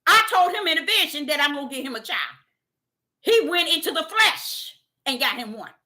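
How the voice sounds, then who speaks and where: A woman's voice: sits high, big pitch swings, moderate pace, bright, forceful tone. A woman preaching a spontaneous sermon, fervent and exhorting. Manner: fervent, exhorting, retells visions in dialogue.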